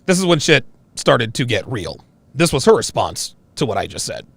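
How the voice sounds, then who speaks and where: A man hosting a commentary show, replaying a call and mocking it with emphatic, animated delivery. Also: mid-range voice, moderate pace, creaky, husky, no room sound. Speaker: host. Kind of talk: commentary on a played call-in clip.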